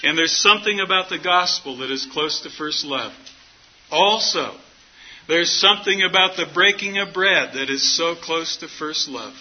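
Middle-aged male preacher, folksy storyteller, slightly high voice, dull lo-fi recording. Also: normal speed. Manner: folksy storytelling, acts out quoted dialogue. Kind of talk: sermon with personal story. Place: church meeting hall. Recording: muffled lo-fi sound.

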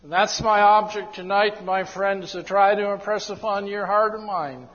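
A man preaching an evangelistic sermon in a church hall, with slow, emphatic, drawn-out phrasing. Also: high voice, fairly bright tone. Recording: dull echoey hall recording.

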